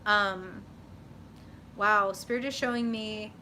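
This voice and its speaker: A young woman hosting a live tarot reading, chatting with viewers in an animated, casual way, swearing freely and saying "like" often. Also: medium pitch, slow pace, slight background noise.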